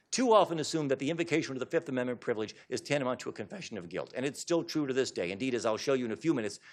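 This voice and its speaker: A man delivers a public talk to an audience, speaking fast and with plenty of emphasis. His voice sits at an ordinary middle pitch. He lectures with animated conviction. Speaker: author giving a talk.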